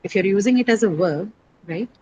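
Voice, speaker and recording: A woman's voice: medium pitch, animated, a little fast, warm tone, a little hiss or hum, poor audio. A woman teaching English stress rules over a video call, explaining patiently, quizzing her students and often checking with "right?". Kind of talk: online class lecture.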